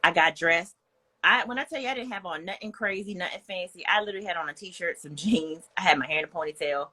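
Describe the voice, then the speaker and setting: A woman's voice: fairly low pitch, quick pace, pushed and bright. A young woman, speaking as a guest in a candid, personal storytelling style, earnest and frank, with plenty of "like" and "you know".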